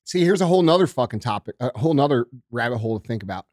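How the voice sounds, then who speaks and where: A man ranting as a podcast guest, profane and forceful. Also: medium pitch, animated, rapid-fire, no room sound, clean studio sound. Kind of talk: heated podcast rant.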